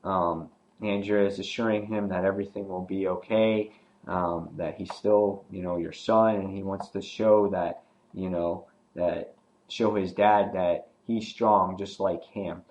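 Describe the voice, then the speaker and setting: A man's voice: low-pitched, fairly even intonation, a little slow, a little mellow, highs cut off. A man talks through a comic book in a loose, casual review. He rambles along, filling gaps with fillers and restarting his sentences as he goes.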